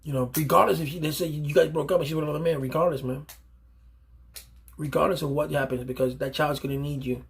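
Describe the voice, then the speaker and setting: A man's voice: on the high side, steady tone, fast, creaky. A man, a father, giving earnest, emphatic advice to other fathers off the cuff, often repeating himself and restarting phrases. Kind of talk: unscripted advice monologue.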